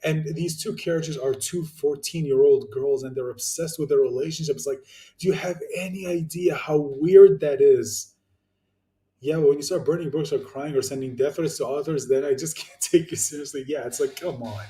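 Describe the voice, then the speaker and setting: A man's voice: fairly high pitch, moderate pace, warm tone, echoey room, distant mic. A young man ranting casually to his viewers, blunt and swearing, with lots of fillers and restarts. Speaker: YouTuber answering viewer comments.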